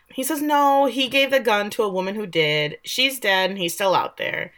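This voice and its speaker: A woman's voice: mid-range voice, normal speed, few pauses, a bit bright. A woman co-hosting a podcast, casually recapping episodes and quoting the characters with animation. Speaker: podcast co-host.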